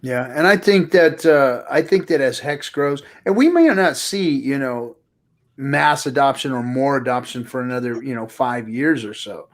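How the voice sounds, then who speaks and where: A man's voice: medium pitch, normal speed. Guy on a livestream hangout, mid voice, punchy and sweary, talks with his hands. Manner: animated, profane, emphatic. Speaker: podcast co-host. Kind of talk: casual chat.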